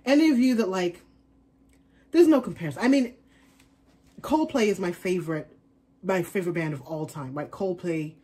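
A woman's voice: fairly low pitch, moderate pace, long pauses, dark tone, slightly rough. A woman chatting casually in an unboxing vlog, rambling on as a fashion vlogger.

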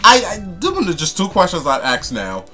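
A man's voice: high voice, wildly swooping pitch, normal speed, pushed and bright, soft background music. A young man, ranting to camera in a sassy, profane, emphatic way. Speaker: vlogger. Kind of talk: casual rant to camera.

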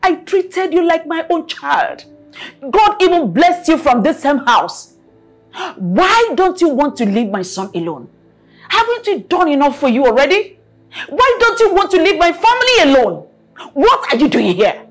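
A woman's voice: high-pitched, very animated, measured pace, soft background music. A middle-aged woman with a Nigerian accent playing a proud, domineering mother who scolds and scorns, repeating herself. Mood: accusing. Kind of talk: film acting.

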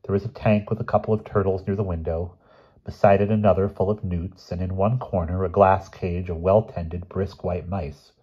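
A male audiobook reader reads a short story aloud in a very low, husky voice, calm and measured. The recording is dull and lo-fi.

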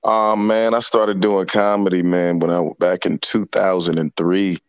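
A man in his thirties, a comedian guest on a radio show, laid-back and quick to laugh, often repeating himself. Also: low-pitched, flat delivery, clear, resonant tone, dry recording, highs cut off. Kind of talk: casual radio interview.

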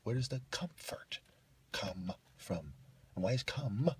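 Ranting man, low voice, erupting then muttering. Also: expressive, slow pace, breathy edge. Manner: swings between loud outbursts and low muttering; preachy and combative. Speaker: vlogger. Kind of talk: rambling monologue rant.

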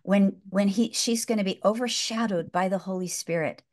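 A woman's voice: mid-range voice, moderate pace, a little mellow. A woman author speaking as a guest in a faith-based podcast interview, with an impassioned, preacher-like delivery, often repeating and restarting phrases as she builds her point. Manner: emotional, near tears at moments.

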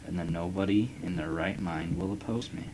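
Deep-voiced man rambling over gameplay. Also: a little fast. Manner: rambling, profane, musing aloud. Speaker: let's play gamer. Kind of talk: casual gameplay commentary. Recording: loud background noise.

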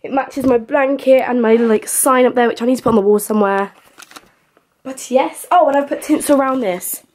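Holding a camera in her bedroom, a young woman records a casual vlog, chattering fast and rambling on while a bit breathless. Her voice is a little high and a little mellow.

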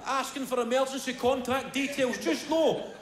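High-pitched stand-up comedian, echoey venue. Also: male voice, normal speed, slight background noise. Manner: animated storytelling, bursts into shouted impressions. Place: large live comedy venue. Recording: echoey live venue with audience laughter. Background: crowd laughing.

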